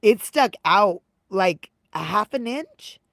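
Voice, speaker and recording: A woman's voice: mid-range voice, animated, slow, creaky, dry recording, clean studio sound. Rambling woman livestreamer telling stories. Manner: rambling, repeats phrases often. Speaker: live streamer chatting with viewers. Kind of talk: casual livestream storytelling.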